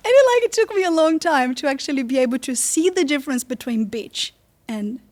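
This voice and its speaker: A woman's voice: high-pitched, expressive, fast, darkish tone. A woman from Brazil with a Brazilian accent, chatting as a guest in a casual interview and laughing often. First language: Portuguese. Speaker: guest singer.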